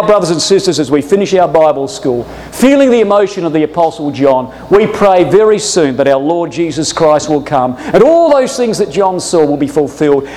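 A man preaching a Bible-school sermon, emphatic, moving between hushed asides and stirred outbursts. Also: a little high, in a large hall, rough recording.

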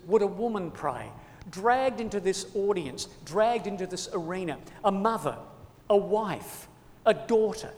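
A man preaching a sermon with passion, his delivery sweeping from loud appeals to hushed, quiet lines. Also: high voice. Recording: long hall reverb.

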